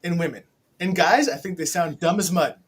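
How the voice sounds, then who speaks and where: A man's voice: fairly high pitch, a little fast, slightly rough. A man hosting an interview show, rambling and teasing in a casual chat with his guest. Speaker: host.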